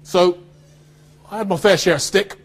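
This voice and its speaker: A man from Birmingham with a neutral standard British accent, telling stories to students in an animated way, laughing and acting out what people said. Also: high voice, moderate pace. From Birmingham, England. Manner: animated storytelling with laughter and acted-out quotes. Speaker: actor speaking to students. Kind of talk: anecdotal speech to students.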